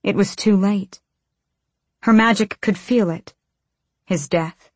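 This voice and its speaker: Woman, audiobook narrator, dramatic and measured, slow delivery, dry close sound. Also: medium pitch, darkish tone, breathy edge, no echo.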